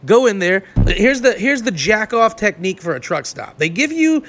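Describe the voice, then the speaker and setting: A man telling crude, animated road stories in casual chat, laughing as he goes. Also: high-pitched, normal speed. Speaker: touring performer. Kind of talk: raunchy casual storytelling.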